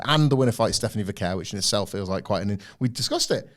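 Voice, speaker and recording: A hoarse man co-hosting a wrestling podcast, ranting in a sardonic, sweary, casual way. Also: on the low side, lively intonation, fast talker. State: hoarse, losing his voice. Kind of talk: casual review chat.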